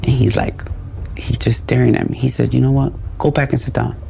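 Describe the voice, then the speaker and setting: A man's voice: medium pitch, level tone, a little fast, vocal fry, dark tone, slight background noise. A man telling his own story in a podcast interview, acting out the dialogue in a blunt and profane way.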